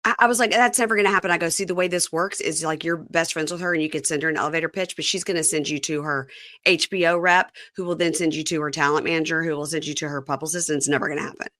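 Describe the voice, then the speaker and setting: A woman's voice: sits low, steady tone, quick pace, a bit bright, no room sound, studio quality. A woman from Mississippi hosting a podcast, chatting casually with rambling, self-deprecating asides. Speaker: podcast host. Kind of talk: casual chat.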